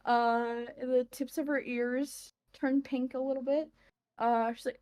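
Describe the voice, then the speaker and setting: A woman's voice: sits high, level tone, measured pace, darkish tone. A woman playing in a tabletop game, describing her character's actions in a giggly, rambling way. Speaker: player. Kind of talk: tabletop role-play narration.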